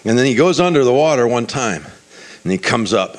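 Male preacher, storytelling sermon, stumbles and restarts, acts out characters, mid-pitch voice. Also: brisk. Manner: animated retelling with many restarts, acting out characters.

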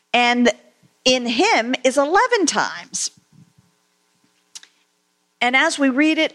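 Slow-speaking woman preaching a sermon. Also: fairly high pitch, fairly bright tone. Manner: conversational, asks the congregation questions; halting, many fillers. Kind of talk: sermon with scripture reading.

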